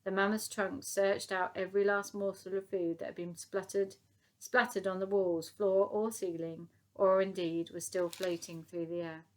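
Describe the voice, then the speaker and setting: A woman reading a children's book aloud in a lively, expressive way, chapter by chapter. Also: mid-range voice, normal speed. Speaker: storybook reader.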